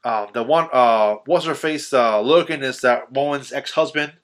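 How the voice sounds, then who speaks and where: A man on a podcast excitedly retelling a horror film's ending in casual, profanity-laced chat, full of ums and restarts. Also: medium pitch, normal speed. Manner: animated retelling, swearing, filler-heavy. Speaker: podcast host. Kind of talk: casual film recap chat.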